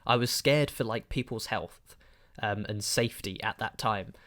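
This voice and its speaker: A man's voice: on the low side, moderate pace. A man, casually telling a podcast story with rambling asides and fillers. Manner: rambling, animated, lots of fillers. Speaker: podcast host.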